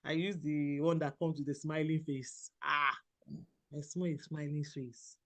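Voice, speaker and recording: A woman from Nigeria, a doctor in her thirties, telling a personal story as a podcast guest, animated, often laughing and quoting herself. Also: sits low, measured pace. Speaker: guest, general practitioner.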